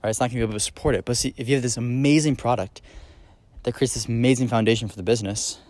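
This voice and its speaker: A man's voice: medium pitch, fairly even intonation, rapid-fire, a little mellow. Male podcast host, solo monologue; casual, filler-heavy, eager emphasis on key points. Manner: casual, rambling, many fillers and restarts.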